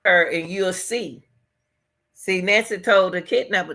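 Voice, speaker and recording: Lady host doing slow commentary, bright forceful voice, keeps repeating herself to viewers. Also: medium pitch, fairly even intonation. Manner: emphatic, repeats phrases, talks straight to viewers. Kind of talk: casual commentary on a news case.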